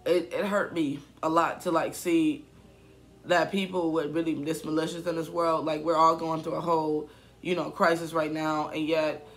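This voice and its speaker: Young male vlogger, twenties, high bright voice, upset and rambling, lots of fillers. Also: flat delivery, moderate pace. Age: 20s. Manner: rambling, many fillers and restarts; upset, emotional. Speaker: YouTuber. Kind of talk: casual vlog story.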